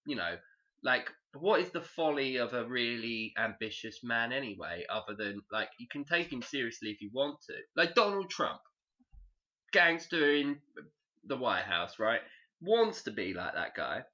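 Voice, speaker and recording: A man's voice: mid-range voice, big pitch swings, moderate pace, bright, forceful tone. A man co-hosting a casual podcast, joking and rambling as he talks and swearing freely. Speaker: podcast co-host. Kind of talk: casual chat. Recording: dull lo-fi podcast audio.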